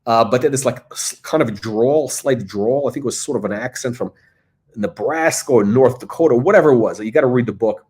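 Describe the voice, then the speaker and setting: A man's voice: medium pitch, fairly quick, darkish tone. Rambling, casual male livestream host. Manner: rambling, with many fillers and restarts.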